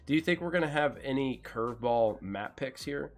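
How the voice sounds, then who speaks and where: A man co-casting a match, chatty and quick to correct himself as he calls the action. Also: medium pitch, animated. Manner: chatty, apologetic, self-correcting. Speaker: esports co-caster. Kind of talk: casual play-by-play commentary.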